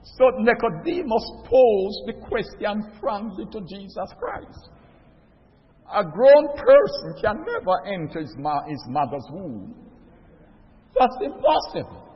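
Man preaching, high lively voice, slow emphatic delivery, dull recording with long hall echo. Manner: emphatic, drawn-out stressed words. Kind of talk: sermon.

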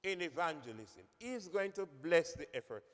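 A man's voice: fairly high pitch, lively intonation, normal speed. A man preaching a sermon, emphatic, repeating key phrases and calling on listeners by name. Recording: long reverb of a hall.

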